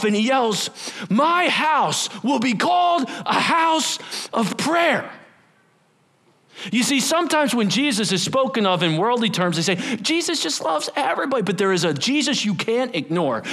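A male pastor preaching a sermon, animated and storytelling, acting out the scenes as he goes. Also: sits high.

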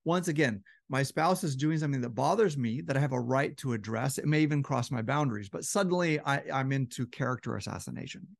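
A man's voice: medium pitch, fast talker, vocal fry, few pauses, no echo. A man talking casually about relationships, often acting out quoted partners, his voice a little strained. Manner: conversational, acts out quoted couples with shifting voice. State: slightly strained voice. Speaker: relationship educator. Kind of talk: casual explanatory talk.

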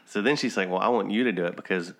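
Deep-voiced man telling a family story. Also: racing. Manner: rambling, chuckles while telling anecdotes. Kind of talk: casual conversational storytelling.

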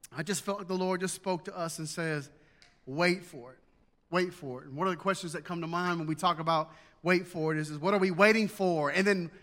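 A man in his forties, preaching with folksy humor and building emphasis. His voice sits high and sounds bright and forceful. The sound rings with the long reverb of a hall. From Southern United States. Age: 40s. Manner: folksy storytelling with jokes, rising to emphatic preaching. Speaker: pastor. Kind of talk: sermon.

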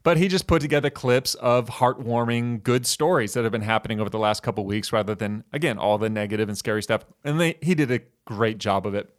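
A man's voice: mid-range voice, a little fast, few pauses. A man speaking casually to a church audience, chatty and good-humored, often saying "you guys".

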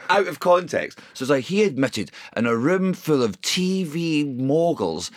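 A man's voice: fairly high pitch, big pitch swings, measured pace, dry recording, studio quality. A man in his thirties telling rambling, self-deprecating stories in a casual podcast chat, full of restarts. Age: 30s. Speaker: comedian guest.

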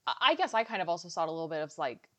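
A woman co-hosting a podcast, chatting casually about a sitcom episode with lots of fillers and animated asides. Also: on the low side, rapid-fire. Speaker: podcast co-host. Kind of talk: casual chat recapping a sitcom.

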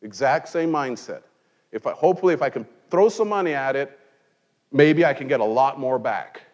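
Joking Mexican-born pastor in a reverberant church. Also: male voice, medium pitch, expressive, normal speed, lo-fi sound. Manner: conversational, joking preacher. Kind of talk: sermon. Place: church sanctuary at a pulpit.

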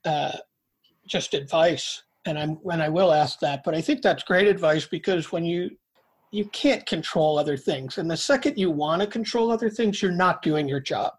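Husky-voiced male podcast host. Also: on the high side, normal speed. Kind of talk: casual interview chat.

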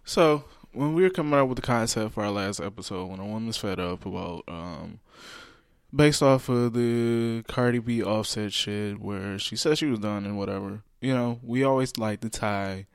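A man's voice: lowish voice, normal speed, vocal fry, smooth, dry recording, clean studio sound. A young man co-hosting a podcast, talking in a laid-back, rambling way with fillers. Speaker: podcast co-host. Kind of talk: casual podcast chat.

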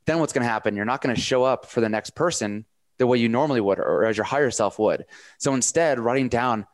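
A man of middle pitch talks eagerly in a casual podcast conversation, clearly fired up. His voice is recorded close and dry, with no room sound. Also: fast, dry recording. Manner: energetic and enthusiastic.

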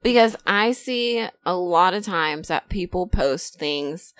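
A woman's voice: fairly low pitch, expressive, slow pace, fairly bright tone, no echo. A woman co-hosting a casual chat, laughing and trying to steer the talk back.

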